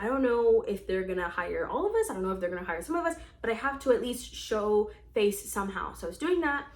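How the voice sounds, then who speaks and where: A young woman in her twenties telling a story in a chatty, dramatic way, full of fillers, as the host of her own vlog. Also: medium pitch. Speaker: escape room vlogger. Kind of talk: casual storytelling monologue. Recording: echoey room.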